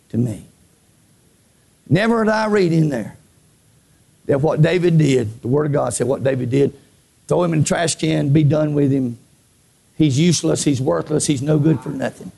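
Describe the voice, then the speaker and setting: A preacher delivers a sermon in a high, gravelly voice. He drags out his scripture readings and repeats phrases as he builds. At his peaks he climbs even higher and shouts. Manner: reads scripture slowly, drawn out.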